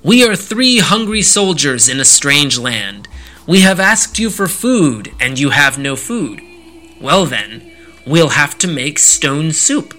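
A man's voice: a little high, big pitch swings, takes it slowly, bright, forceful tone, faint music behind, exaggerated voice. A man voicing three hungry, clever soldiers who coax villagers with a persuasive, slightly raised voice.

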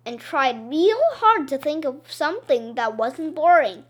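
A woman reading a children's chapter book aloud in an expressive storytelling manner. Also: sits high, measured pace. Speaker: storybook reader.

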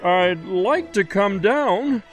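A man's voice: high-pitched, expressive, extremely slow, faint music behind, pitched above the performer's own voice, exaggerated voice. A man voicing a scornful young fox with a sneering, dismissive way of talking. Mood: nervous. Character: scornful young fox who mocks the show.

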